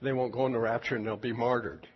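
Male pastor, husky, animated storyteller turned gentle altar call; muffled church recording, faint music. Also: medium pitch, fast talker. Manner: animated storyteller who laughs at his own tale, then soft pleading invitation. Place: church service.

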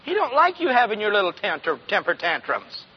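A man's voice: high voice, wildly swooping pitch, fairly quick, slightly rough. A man in his sixties preaching a folksy sermon, often asking the congregation questions and chuckling. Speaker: pastor. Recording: dull lo-fi recording.

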